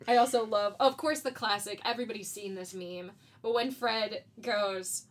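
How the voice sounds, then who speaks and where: A chatty woman co-host with a slightly high voice, laughing often and dropping curse words freely. She talks in a loose, casual way. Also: moderate pace, hardly any pauses. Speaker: podcast co-host. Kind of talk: casual chat.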